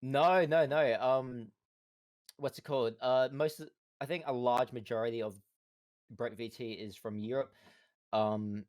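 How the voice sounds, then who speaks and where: A man's voice: mid-range voice, darkish tone. A man being interviewed on a livestream, friendly and giggly, who often stammers and repeats his words. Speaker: guest streamer being interviewed. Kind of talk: casual livestream interview chat.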